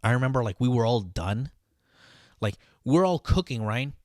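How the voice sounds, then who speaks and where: A man's voice: medium pitch, lively intonation, normal speed, a little mellow, no echo, studio quality. A man who works as a line cook, telling a story in a casual, profane, venting way.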